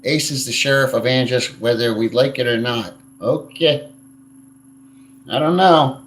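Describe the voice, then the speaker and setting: A man chats on a live stream and talks back to viewers' comments. He is blunt and crude, swears freely and rambles from one point to the next. His voice sits at an ordinary middle pitch and bounces around a roomy, echoey space. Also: measured pace. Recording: echoey room.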